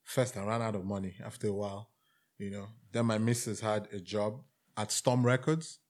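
Animated Nigerian man telling his story. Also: on the low side, normal speed. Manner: animated storyteller, acts out quoted voices, says "bruv". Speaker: podcast guest, music executive. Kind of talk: casual interview storytelling.

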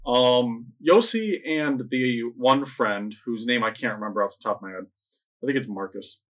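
A man's voice: medium pitch, moderate pace. Casual man recapping movies. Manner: rambling, animated retelling of plots, acts out lines. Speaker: podcast co-host reviewing movies. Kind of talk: casual chat.

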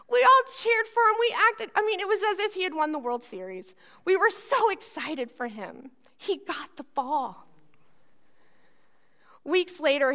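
A woman's voice: extremely high pitch, normal speed. A woman pastor preaching a sermon, telling a personal story and acting out the voices in it. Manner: animated storytelling, acts out voices.

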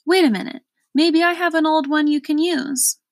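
A woman's voice: high voice, steady tone, normal speed, no echo, voice pushed up. A woman voicing a pompous, impatient male gatekeeper with an officious manner.

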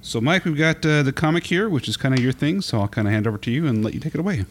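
A man's voice: medium pitch, animated, rapid-fire, a little hiss or hum. A man hosting a retro gaming podcast, introducing the episode and his co-hosts. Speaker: podcast host.

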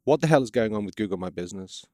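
A man's voice: on the low side, lively intonation, rapid-fire, warm tone, dry recording. Chatty male host with a dry sound. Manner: curious, chatty questions with frequent repeated words. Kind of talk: casual conversation.

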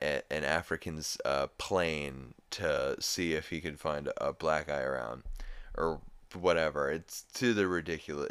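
Deep-voiced laid-back podcast guy. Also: a bit bright, clean tone, no echo. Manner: rambling, laid-back, swearing casually. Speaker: podcast host. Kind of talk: casual episode recap.

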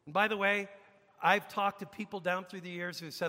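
A man preaching a sermon as pastor, emphatic, dropping to a hush and rising to loud peaks. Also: sits high, steady tone, normal speed. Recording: long reverb of a large hall.

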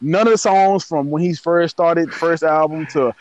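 A man's voice: a little high, moderate pace, highs cut off. A man co-hosting a casual music review chat, blunt and dismissive in a loose slangy way.

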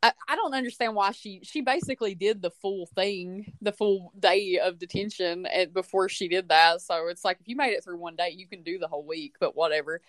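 A woman co-hosting a casual movie review podcast, opinionated and animated, often acting out quotes. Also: medium pitch, no room sound, studio quality. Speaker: podcast co-host.

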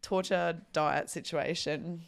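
Aussie girl co-hosting a podcast, a bit low, blunt and sweary, pokes fun at herself. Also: fairly even intonation, takes it slowly, gravelly. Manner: frank, sweary and self-mocking. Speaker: podcast co-host. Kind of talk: casual chat.

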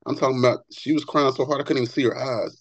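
A man, a barber and author, telling stories as a podcast guest in an earnest, animated way, often repeating words as he gets going. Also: mid-range voice, quick pace, no echo, rough recording. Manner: repeats words when excited. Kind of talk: conversational interview storytelling.

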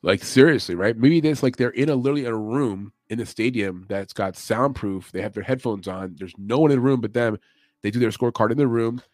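A man's voice: mid-range voice, brisk, darkish tone, no room sound. A man hosting a casual sports betting podcast, loose and chatty, thinking aloud as he goes. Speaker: MMA betting podcast host. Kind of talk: casual chat.

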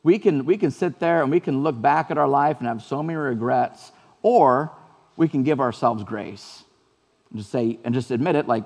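A man's voice: mid-range voice, normal speed, darkish tone, big-room sound. A man preaching a sermon as pastor, earnest and conversational, repeating phrases for emphasis.

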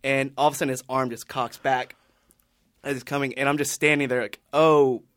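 A man's voice: medium pitch, level tone, brisk, bright, forceful tone, no room sound, studio quality. A man on a podcast panel telling a long story in casual chat, rambling with many restarts and fillers.

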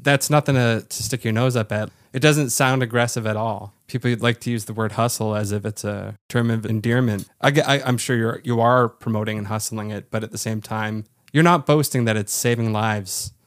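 A man's voice: fairly low pitch, fairly even intonation. A man hosting a podcast, chatting casually with a guest, restarting his sentences and laughing. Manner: halting, restarts and laughs, playful. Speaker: podcast host. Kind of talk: casual interview chat.

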